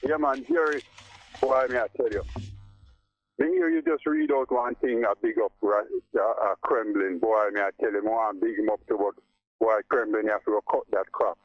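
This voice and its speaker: A man's voice: fairly low pitch, expressive, normal speed, no echo. A man with a Jamaican accent calling in to a radio show, talking emphatically and repeating his points over a muffled phone line. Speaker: caller. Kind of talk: call-in radio chat.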